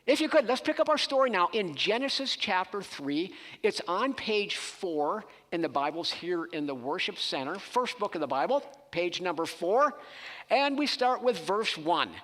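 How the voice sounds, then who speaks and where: Expressive pastor preaching in a hall. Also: male voice, sits high. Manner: expressive, slow and emphatic delivery. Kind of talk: sermon with scripture reading. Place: church worship center.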